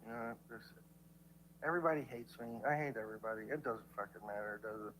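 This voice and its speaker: Heard in played clips, a male livestreamer rants at his viewers in a rambling, profane way, stammering through restarts and cursing heavily as he philosophizes. His mid-range, fairly bright voice moves at a quick pace, and the rough recording carries slight background noise.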